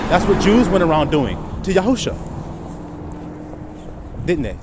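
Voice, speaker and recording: A man preaching informally, firing rhetorical questions and swinging from a low mutter to loud, emphatic outbursts, now and then swearing. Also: very animated, normal speed, long pauses, a little hiss or hum.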